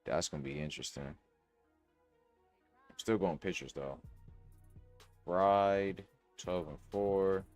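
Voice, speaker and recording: Speaking slowly with long pauses, a young podcast host in a deep, darkish voice works through his sports bets out loud in a casual way, with slang and curse words. Faint music plays under a dry, close-miked recording.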